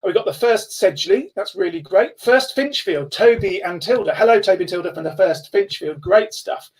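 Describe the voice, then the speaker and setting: Upbeat man, high-pitched, distant on a call. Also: lively intonation. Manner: enthusiastic, reads out names in quick bursts. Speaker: guest speaker. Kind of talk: upbeat live-stream shout-outs. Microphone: video call. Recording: distant, thin video-call audio.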